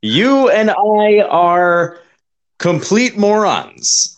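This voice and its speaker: A man's voice: high voice, big pitch swings, extremely slow, clear, resonant tone. A man co-hosting a podcast in casual chat, amused and self-mocking, laughing often. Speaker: podcast co-host.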